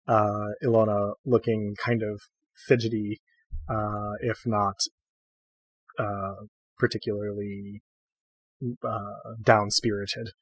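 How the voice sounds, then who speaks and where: A man narrating a tabletop role-playing game as its game master. He speaks in a low, relaxed voice full of small pauses and fillers. The sound is dry and close. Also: no echo.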